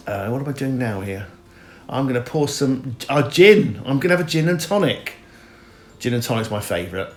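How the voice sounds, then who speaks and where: A middle-aged man giving a rambling, mock-earnest comic voice-over and chatting straight to the viewers. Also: medium pitch. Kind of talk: deadpan comic narration. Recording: roomy sound with faint music.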